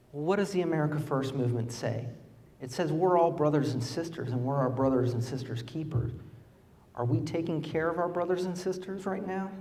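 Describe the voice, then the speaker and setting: A middle-aged man giving a campaign speech at a fundraiser, impassioned, rising to emphatic peaks and dropping low and quiet. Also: recorded from a distance. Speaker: political candidate. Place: fundraiser event venue.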